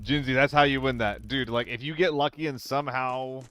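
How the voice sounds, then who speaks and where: A young man talks to his live-stream chat while he plays. His delivery is playful and self-mocking, with frequent laughs. His voice is clear and smooth, pitched in an ordinary male range. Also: steady tone, a little fast, fairly bright tone. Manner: playful, apologetic, laughs often. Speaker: game streamer.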